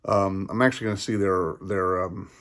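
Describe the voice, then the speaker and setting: A tired man recording a casual personal video message, talking in a rambling, halting way with many fillers and restarts. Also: sits low, fairly even intonation, a bit bright. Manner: sincere, grateful. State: tired, yawning. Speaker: vlogger.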